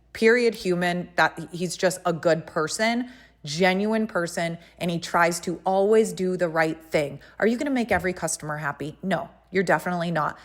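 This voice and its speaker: Brief: woman podcast host, lower-pitched voice, fired-up casual storytelling, speaks right to the audience. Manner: emphatic, indignant, talks to listeners directly.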